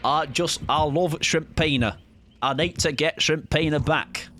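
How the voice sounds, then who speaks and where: A man's voice: fairly high pitch, a bit bright, slight background noise, voice pushed up. A man voicing a heartbroken, mopey man in a put-on Northern English accent, drawing his words out mournfully. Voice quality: slow, drawn-out, mournful delivery.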